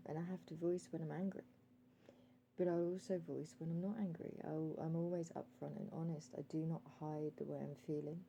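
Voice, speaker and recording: Earnest, gravelly woman vlogger. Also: low-pitched, mellow, highs cut off, a little hiss or hum. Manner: earnest, addresses listener as "sir", hesitant with frequent ums; calls out timer readings while talking. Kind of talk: direct-to-camera monologue.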